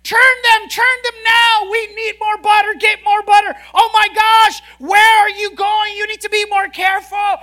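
A woman's voice: very high-pitched, little pitch movement, normal speed, hardly any pauses, voice pushed up. A woman playing a frantic, bossy husband. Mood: frantic nagging. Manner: shouting, panicky, nagging.

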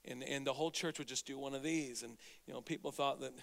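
A man preaching a sermon as pastor, getting over a cold, energetic and exhorting, swinging from loud to hushed. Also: medium pitch, quick pace, creaky, in a large hall, a little hiss or hum. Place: church sanctuary.

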